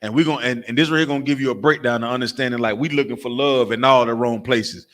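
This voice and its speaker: A man's voice: medium pitch, steady tone, fast talker, a bit bright. A man with a Southern US accent leading a lesson, emphatic and repetitive, calling on others by name. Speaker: teacher leading a street class. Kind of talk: preaching lesson with asides.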